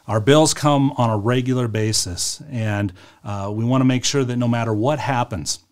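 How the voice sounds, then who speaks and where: A man, a financial advisor, presenting a webinar in a casual, story-driven way, with rhetorical questions and frequent fillers. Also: mid-range voice. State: choked up at moments.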